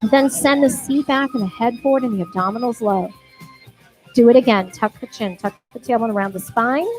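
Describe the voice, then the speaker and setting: A woman instructor with a fairly high, slightly mellow voice talks a little fast as she counts reps for a barre class. She encourages everyone with cheerful whoops over workout music, and the recording is low quality.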